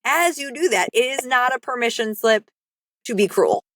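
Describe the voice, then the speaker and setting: A woman hosts a podcast in a relaxed, conversational way. She chats and keeps prompting her guest to go on. Her voice sounds dry and close to the mic. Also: fairly high pitch, moderate pace, dry recording. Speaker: podcast host.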